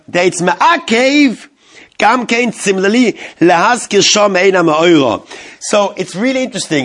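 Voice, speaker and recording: High-voiced man teaching a halacha class. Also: a bit bright. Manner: translates Hebrew terms into English as he teaches, asks questions to the class. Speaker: Torah teacher. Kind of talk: Talmudic-style halacha class.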